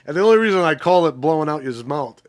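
A man's voice: a little high, lively intonation, fast. A man hosting a podcast, recapping a crime series in a rambling, profane, casual way with many restarts and fillers. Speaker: podcast host.

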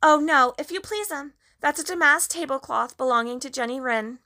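A woman's voice: high voice, moderate pace, pushed and bright, voice pushed up. A woman voicing a humble, anxious little hedgehog washerwoman in a storybook reading, polite and sing-song. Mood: fussy, polite.

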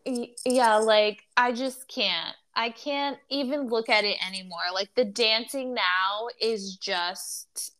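A woman's voice: a little high, fairly even intonation, slow, few pauses, fairly bright tone. A woman co-hosting a podcast in casual chat, candid and gushing, with many filler words and the odd swear. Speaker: podcast co-host.

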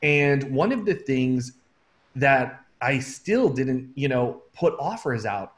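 Brief: middle-aged male guest, animated storyteller, casual and talkative. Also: medium pitch, takes it slowly. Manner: animated, laughs often, says "man" a lot. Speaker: real estate investor and consultant, guest.

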